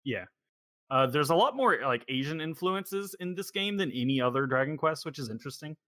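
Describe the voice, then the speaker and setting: A man's voice: a little high, expressive, fairly quick, a bit bright, no room sound. A man hosting a podcast in a casual chat, rambling and thinking aloud as he goes. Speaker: podcast host.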